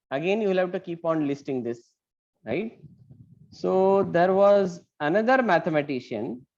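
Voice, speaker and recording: A man's voice: high-pitched, darkish tone. A man teaching an online class, asking questions and explaining step by step. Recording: muffled lo-fi call audio.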